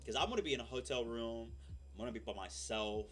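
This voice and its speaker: A young man, a streamer, chatting casually and rambling with lots of fillers in a deep voice. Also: fast, fairly bright tone, faint music behind. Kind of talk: casual chat. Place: home room. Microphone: desk mic.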